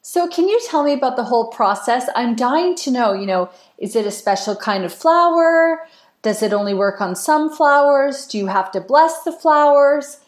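A woman's voice: high-pitched, expressive, moderate pace. Curious woman host, roomy echo. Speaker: podcast host. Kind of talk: casual interview questions.

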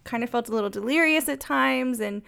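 A woman's voice: on the high side, a little fast, vocal fry, a bit bright, smooth. A woman co-hosting a podcast, chatting casually about songs with lots of filler words. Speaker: podcast co-host.

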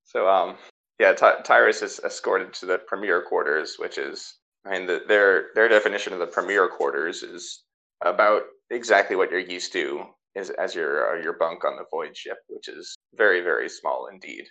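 A man narrating as game master for a tabletop game, halting often with fillers and restarts. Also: deep voice, vocal fry, bright, forceful tone, poor audio.

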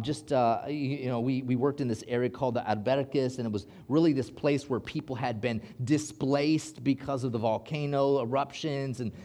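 A male pastor preaching a sermon, telling a personal story with animated, rising delivery at the dramatic moments. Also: medium pitch.

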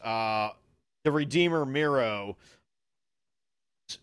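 A man's voice: mid-range voice, expressive, normal speed, a bit bright, dry recording, clean studio sound. A man co-hosting a casual podcast, recapping events with many ums and uhs. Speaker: podcast co-host.

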